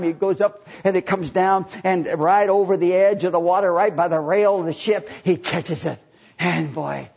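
An older man preaching a sermon, telling a story with earnest emphasis that builds to excited peaks. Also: fairly high pitch, gravelly, slightly rough. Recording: dull lo-fi recording.

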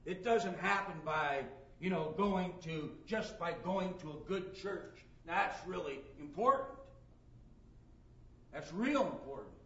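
Preaching with emphasis, a man reads scripture aloud and acts out quoted dialogue from his stories. He has a high-pitched, slightly bright voice with lively intonation and a slow pace, and the recording's highs are cut off.

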